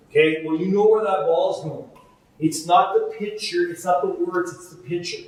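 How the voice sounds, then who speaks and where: Male goalie coach, high voice, energetic drill cues, booming echo, far from mic. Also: moderate pace. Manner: energetic, repetitive cueing. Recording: very echoey, distant mic.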